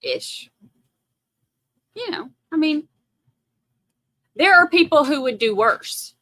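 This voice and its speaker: A woman's voice: high-pitched, lively intonation, slow pace, sharp tone, dry recording, poor audio. A woman from Massachusetts hosting a livestream, chatting casually and joking at her own expense while reading viewer comments aloud. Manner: jokey, self-teasing, reads viewer comments aloud. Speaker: livestream host.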